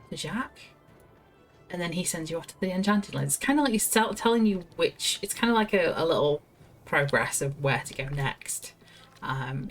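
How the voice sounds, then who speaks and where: Chatty woman streamer over game music. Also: low-pitched. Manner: chatty, reads quest dialogue aloud, self-mocking. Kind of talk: casual gameplay commentary.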